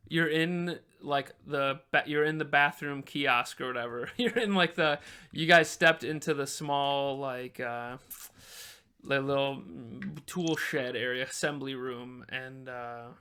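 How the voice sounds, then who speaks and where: Bright, crisp-voiced man game master. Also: medium pitch. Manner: loose, filler-heavy narration with voiced townsfolk. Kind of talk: narrating a tabletop game.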